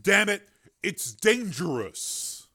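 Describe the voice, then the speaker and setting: A man's voice: mid-range voice, sing-song, takes it slowly, fairly bright tone, heavily acted. A man reading the lines of a frustrated man who curses while swimming in danger. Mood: exasperated. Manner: exasperated, cursing.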